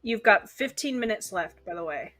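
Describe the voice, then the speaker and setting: A woman's voice: medium pitch, expressive, moderate pace, a bit bright, soft background music. A woman co-hosting a livestream, teasing her partner in a dry, mock-sulky way during casual banter.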